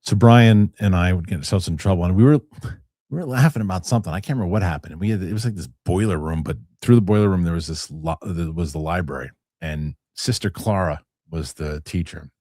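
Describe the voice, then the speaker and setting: A middle-aged man with a low voice hosts a casual chat show. He tells stories in a lively, rambling way, full of restarts and fillers, and his voice sounds dry and close to the mic. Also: fast, dry recording. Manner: animated storyteller, many restarts and fillers. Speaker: show host.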